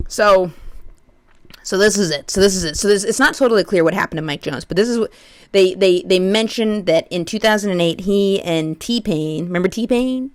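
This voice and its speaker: A woman comedian hosting a solo podcast, riffing in a rambling, profane, animated monologue. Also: medium pitch, no echo.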